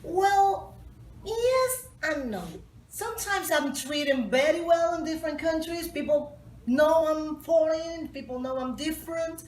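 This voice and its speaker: A woman's voice: sits high, measured pace, a little mellow. A woman from Latin America, a cheerful guest in a casual interview who laughs readily. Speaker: guest poet. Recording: echoey room, mic at a distance, faint noise.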